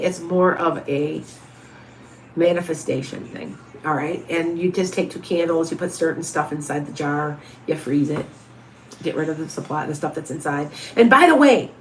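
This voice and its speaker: A woman's voice: lowish voice, a little hiss or hum. A woman in her fifties, a medium hosting a livestream, chatting casually through viewer questions with lots of restarts and asides. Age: 50s.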